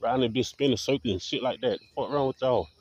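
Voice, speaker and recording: A man's voice: medium pitch, fast, a little mellow, husky, lo-fi sound. A man vlogging in a combative, profane ranting monologue, talking defiantly. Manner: combative, defiant, heavy swearing.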